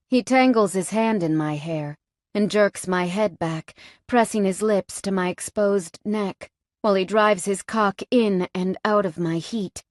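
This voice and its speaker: A woman narrating a first-person romance novel in a soft, intimate reading. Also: medium pitch, measured pace, no echo, clean studio sound. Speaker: audiobook narrator.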